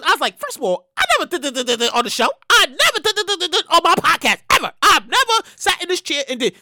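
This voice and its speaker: A man hosting a solo podcast, talking loudly and animatedly with plenty of profanity. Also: very high voice, brisk, no echo, clean studio sound. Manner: loud, animated, profane ranting. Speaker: podcast host. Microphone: studio microphone.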